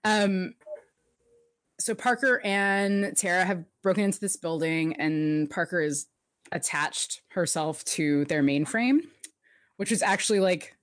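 A woman co-hosting a laid-back recap chat, her voice sitting slightly low. She laughs often and slips into lively quoted character lines as she retells the plot. The sound is dry and close, with no room around it. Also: measured pace, no echo. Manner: chatty, laughs often, animated quoting of characters. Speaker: podcast co-host recapping a TV episode. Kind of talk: casual chat.

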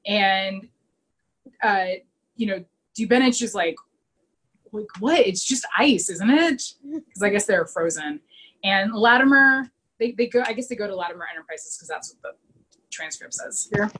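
A woman's voice: mid-range voice, normal speed, long pauses, fairly bright tone. A woman podcast host walks through an episode plot in loose, easygoing conversation. She rambles a little and leans on fillers as she goes. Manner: chatty, rambling, with many fillers. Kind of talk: casual chat.

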